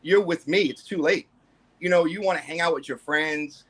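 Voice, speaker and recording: A man's voice: a little high, moderate pace, fairly bright tone, husky. A man voicing a cruel male devil who jeers and gloats, retelling it as a quote in a story. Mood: taunting. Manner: mocking, repetitive jeering.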